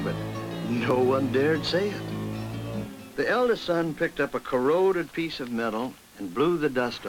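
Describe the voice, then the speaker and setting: A man's voice: medium pitch, low-quality recording. Man telling a ghost story over music. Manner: measured, slows down for suspense. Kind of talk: scripted ghost story narration. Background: instrumental music.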